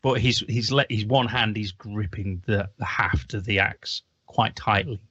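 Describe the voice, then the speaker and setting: A man playing in a tabletop game, talking briskly and decisively. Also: on the low side, steady tone, fairly bright tone, slightly rough, no room sound. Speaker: player. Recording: dry, dull lo-fi audio.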